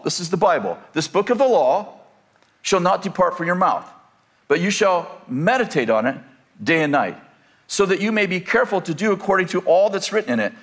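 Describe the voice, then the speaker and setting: A man's voice: high voice, fairly bright tone. Man preaching a sermon. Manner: preaching with rhetorical questions to the congregation. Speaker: pastor.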